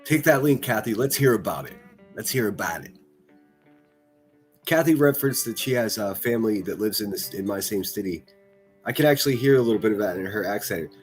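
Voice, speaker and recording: A man's voice: lowish voice, expressive, a little fast, faint music behind. A man hosting a livestream, reacting to clips with mocking, profane, sarcastic commentary.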